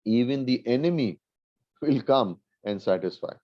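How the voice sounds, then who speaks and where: A man's voice: mid-range voice, animated, moderate pace, no room sound. A man from India, a pastor teaching a Bible class in an earnest way, asking rhetorical questions and repeating phrases for emphasis. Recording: dull lo-fi dry recording.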